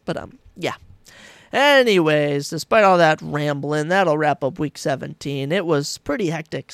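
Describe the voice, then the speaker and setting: Gravelly-voiced man grumbling through a sports recap. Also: sits high, no echo, studio quality. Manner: rambling, grumbling and sarcastic. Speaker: podcast host. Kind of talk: solo sports podcast recap.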